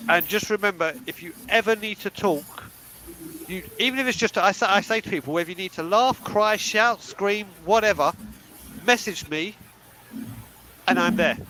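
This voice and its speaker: A high-voiced man speaks bluntly and with heavy emphasis, swearing freely as he co-hosts a podcast panel. Faint ambient noise sits under the call. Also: normal speed, sharp tone, low-quality recording. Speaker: podcast co-host. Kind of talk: candid panel talk.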